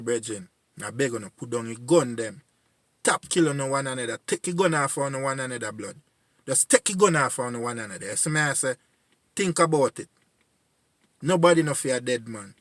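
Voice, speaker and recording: A man's voice: mid-range voice, fairly quick, no room sound. Pleading Jamaican man, dry close sound. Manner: pleading, repetitive, heartfelt. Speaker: community voice addressing young men. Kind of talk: earnest spoken appeal.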